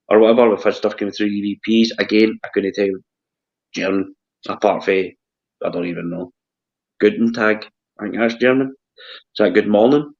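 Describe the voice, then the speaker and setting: Low-voiced Scottish man, hesitant chat. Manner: hesitant, repeats words. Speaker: host. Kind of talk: casual chat. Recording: dull lo-fi sound.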